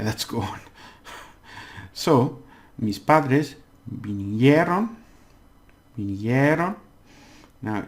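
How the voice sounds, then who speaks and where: Male tutor, casual and patient, slow delivery, gravelly tone, overpronounces example words. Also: medium pitch, darkish tone. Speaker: language teacher. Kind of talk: casual spoken language lesson.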